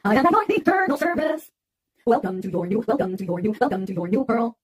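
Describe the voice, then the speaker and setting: This is an eerie, sing-song genie-like greeter, as a woman puts her on, stuck in a loop and repeating her welcome. The voice sits high and runs along quickly. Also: lively intonation, a little hiss or hum, lightly acted. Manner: sing-song, repetitive, stuck like a looping machine.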